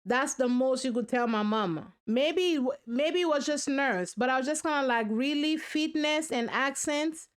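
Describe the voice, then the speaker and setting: A sassy, animated woman giving casual, slang-filled commentary on a reality show and talking right to her audience. Her voice sits high and comes across smooth and clear. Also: normal speed, hardly any pauses. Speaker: reaction video host.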